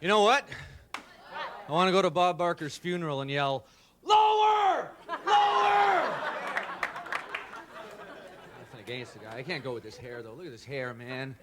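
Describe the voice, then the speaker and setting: A young man doing a rambling, self-deprecating stand-up set, bursting into loud shouted impressions. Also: mid-range voice, fairly quick, crowd noise. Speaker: stand-up comedian. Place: comedy stage before a live audience. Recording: live club with audience laughter and noise.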